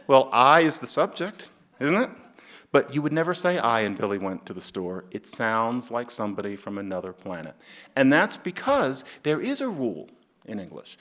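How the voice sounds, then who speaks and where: A middle-aged man from the United States lectures to an audience in an emphatic, wry manner. His pitch sits in an ordinary middle range for a man, and he jumps into quoted phrases with lively, playful emphasis. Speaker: speaker. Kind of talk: public lecture. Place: lecture stage.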